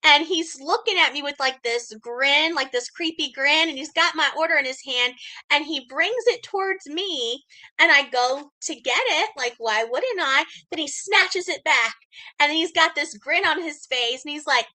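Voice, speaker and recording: A woman telling a story on a live stream, animated and laughing, greeting viewers as she goes. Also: sits high, normal speed, low-quality recording. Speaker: livestreamer and mystery shopper. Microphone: computer or phone mic.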